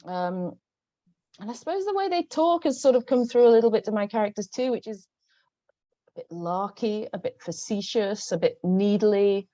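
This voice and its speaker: A woman's voice: medium pitch, animated, moderate pace, mellow, no room sound. A woman with a Northern English accent, a novelist talking about her books on a video call, hesitant and full of restarts. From Northern England. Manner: hesitant, many restarts and ums. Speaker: novelist guest. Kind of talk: conversational book talk. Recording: dull lo-fi video call audio.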